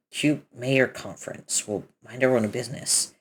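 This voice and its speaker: A woman's voice: rumbling low, moderate pace, few pauses, slightly rough. A woman reading a comic aloud, voicing its characters and adding casual commentary between lines. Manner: animated, switches between character voices. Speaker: reader of a webcomic.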